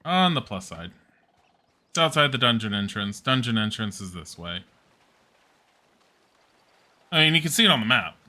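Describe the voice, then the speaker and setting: A man's voice: medium pitch, lively intonation, moderate pace, pauses often, pushed and bright. A man streaming a game, talking casually to himself, muttering, groaning and swearing at setbacks. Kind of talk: casual gameplay commentary.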